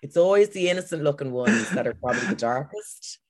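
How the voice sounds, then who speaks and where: A woman's voice: low-pitched, lively intonation. Teasing Dublin Irish woman. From Ireland. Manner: teasing, quick-witted banter. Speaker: comedian guest. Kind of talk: casual podcast chat. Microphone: video call.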